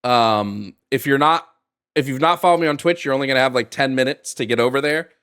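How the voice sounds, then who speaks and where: A man's voice: medium pitch, fairly quick, fairly bright tone, clean tone. A man hosting a live call-in debate stream, talking loosely and casually with fillers. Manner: loose and chatty, lots of ums and restarts.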